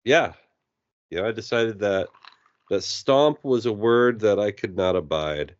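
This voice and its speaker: A man's voice: on the low side, expressive, a little slow, no echo. A man co-hosting a podcast, telling rambling stories in casual chat and swearing freely. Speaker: podcast co-host. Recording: dull lo-fi podcast audio.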